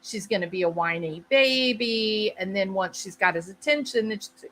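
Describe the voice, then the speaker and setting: A woman's voice: medium pitch, normal speed, fairly bright tone, slight background noise, rough recording. A woman hosting her channel, explaining a topic in casual conversation and often checking in with the listener. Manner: conversational, repeats herself, asks "right?". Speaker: channel host.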